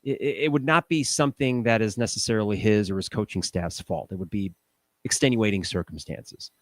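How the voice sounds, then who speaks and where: A man's voice: lowish voice, fairly quick, no room sound. A man hosting a fan podcast, giving opinionated, casual commentary and thinking aloud with rhetorical questions. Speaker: podcast host.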